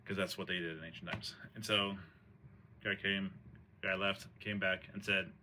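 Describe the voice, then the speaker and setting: Slangy, rambling man with a bright voice. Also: sits low, moderate pace, a little hiss or hum. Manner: relaxed, rambling, slangy, with fillers and restarts. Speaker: host retelling a play. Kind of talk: casual storytelling chat.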